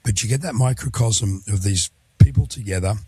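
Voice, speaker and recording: A man who was once a tour guide, hosting an interview and reflecting on travel with a measured, thoughtful manner. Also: lowish voice, mellow, husky, dry recording. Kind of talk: conversational interview.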